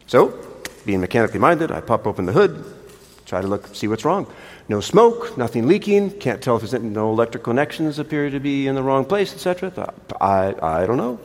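An older man preaching a sermon, telling a story in an animated, chatty way with frequent restarts. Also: mid-range voice, quick pace. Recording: long reverb of a large hall.

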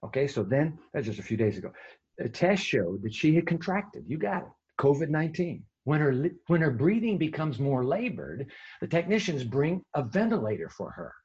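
A male pastor giving a conversational sermon, swinging between emphatic and hushed delivery. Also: on the high side, big pitch swings, normal speed, slightly rough, lo-fi sound.

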